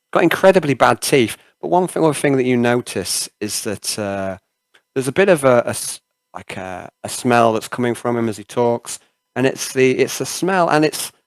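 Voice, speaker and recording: A man's voice: medium pitch, lively intonation, normal speed, clean tone, no room sound, studio quality. A man narrating as game master of a tabletop role-playing game, rambling with frequent hesitations. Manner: rambling, many "uh" fillers.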